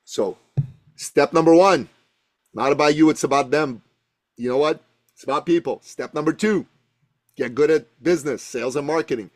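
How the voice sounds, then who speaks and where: High-pitched emphatic man giving advice. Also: moderate pace, long pauses. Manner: emphatic, repeats words for stress, acts out clients' voices. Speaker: business coach, podcast guest. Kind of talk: energetic storytelling advice.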